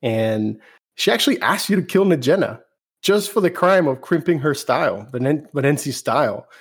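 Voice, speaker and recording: A man's voice: fairly high pitch, expressive, normal speed, slightly rough. A man co-hosting a casual gaming podcast, chatty and hesitant as he shares game lore. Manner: chatty, hesitant, many restarts and asides. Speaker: podcast co-host.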